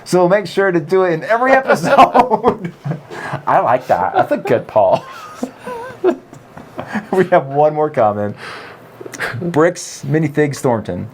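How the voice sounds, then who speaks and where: A man's voice: a little high, a little hiss or hum. A man co-hosting a podcast, reading viewer comments in casual chat and laughing often. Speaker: podcast co-host.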